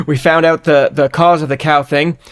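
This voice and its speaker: A man putting on an elderly male head of state making an announcement, halting and repeating his words. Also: on the high side. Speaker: podcast co-host.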